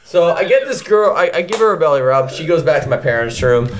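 Animated young man telling a story. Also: a little high, fast talker. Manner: animated, profane, acts out voices in his story. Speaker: podcast co-host telling a story. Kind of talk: casual storytelling chat.

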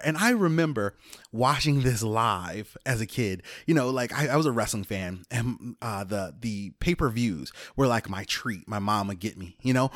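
Brief: man in his thirties, mid-pitched, dry close sound, casual podcast storyteller who rambles and chuckles. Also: no room sound. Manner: rambling, chuckles often, many fillers. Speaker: podcast host.

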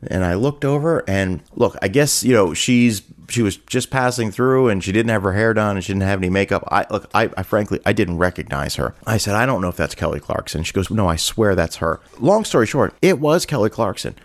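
A man's voice: on the low side, fairly quick, few pauses. A middle-aged man from Halifax hosting his own podcast, telling a story casually and animatedly, briefly acting out the voices of the people in it. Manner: animated, acts out voices in anecdotes. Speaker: podcast host.

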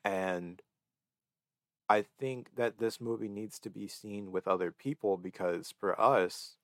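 A man's voice: lowish voice, takes it slowly, no echo, clean studio sound. A man in his twenties chatting earnestly on a podcast, sniffly and stuffed-up as if from crying. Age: 20s. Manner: earnest, emotional, reflective. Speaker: podcast co-host. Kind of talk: casual chat.

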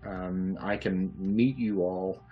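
A man's voice: sits low, fairly even intonation, takes it slowly, highs cut off. A man voicing a concerned male ally who calls to warn the party, speaking in an earnest way.

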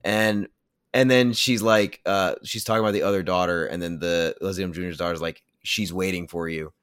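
Deep-voiced guy rambling through a movie recap, says "like" constantly, dry close sound. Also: fairly even intonation, brisk, fairly bright tone, clean tone, no echo. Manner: rambling, heavy use of "like"; blunt, offhand judgments. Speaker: podcast movie reviewer. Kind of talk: casual spoiler recap.

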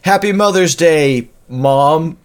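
A man co-hosting a podcast in relaxed, playful banter. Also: a little high, slow, smooth. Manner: laid-back, playful banter. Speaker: podcast co-host. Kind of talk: casual chat.

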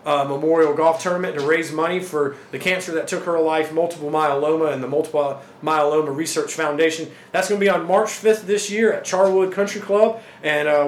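A talkative man hosts a laid-back sports chat, agreeing often and talking in loose runs of thought. His voice sits a bit high for a man and carries an echoey room sound over a faint hiss. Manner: talkative, agreeable, frequent fillers. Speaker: podcast host. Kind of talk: casual sports interview.

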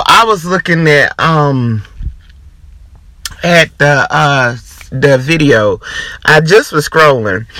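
A man's voice: medium pitch, pushed and bright, no echo. A man hosting his own podcast, chatting casually and animatedly, breaking into hard laughter. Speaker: podcast host. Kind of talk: casual chat.

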